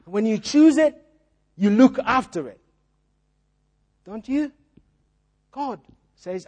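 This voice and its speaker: A man's voice: very high-pitched, lively intonation, takes it slowly, long pauses, a little mellow. A male preacher giving a sermon in a church, repeating key phrases and putting rhetorical questions to the congregation.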